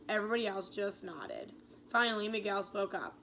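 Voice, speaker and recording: A woman teacher reading chapters of a novel aloud, telling the story clearly with small slips. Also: medium pitch, a little slow, fairly bright tone, a little hiss or hum.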